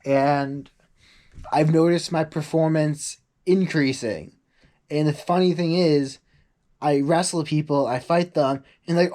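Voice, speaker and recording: Young guy rambling on his vlog, kinda high voice, lots of "like", does little voices for people he quotes. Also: fairly even intonation, measured pace, warm tone. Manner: chatty, rambling, full of "like" asides; acts out quoted people in a higher voice. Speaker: vlogger. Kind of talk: casual vlog monologue.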